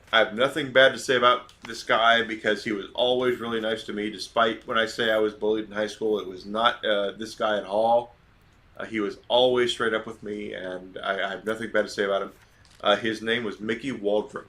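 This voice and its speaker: A man's voice: on the low side, bright, forceful tone. A man from Georgia streaming a game, telling a long story in a casual, rambling way and going off on tangents. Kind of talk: casual storytelling while gaming.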